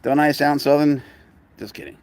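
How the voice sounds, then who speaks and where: A man's voice: fairly high pitch, flat delivery, normal speed, a little mellow, clear, resonant tone. Chatty New York man cooing to cats. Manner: cooing baby talk to his cats, rambling and chatty. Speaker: pet owner livestreaming. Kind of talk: casual live stream chat.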